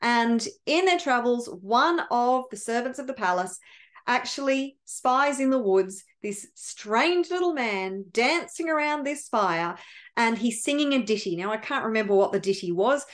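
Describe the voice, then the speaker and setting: A woman mindset coach retelling a fairy tale in a chatty, animated way, often correcting herself. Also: on the high side, normal speed. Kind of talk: casual storytelling.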